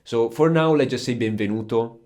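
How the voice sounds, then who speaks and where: A man's voice: medium pitch, brisk, a little mellow. Patient Italian-born man teaching. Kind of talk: casual podcast lesson.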